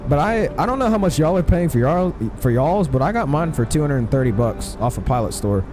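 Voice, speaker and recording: A man's voice: a little high, expressive, a little fast, music in the background. A man live-streaming a flight simulator, chatting casually, answering his chat with lots of fillers.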